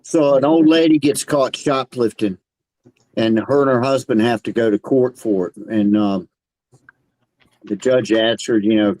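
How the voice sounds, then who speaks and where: A man's voice: mid-range voice, measured pace, a little mellow, no room sound, low-quality recording. A man on a livestream, telling a short clean joke in a laid-back, chuckling way. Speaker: livestream guest. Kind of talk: casual chat, telling a joke.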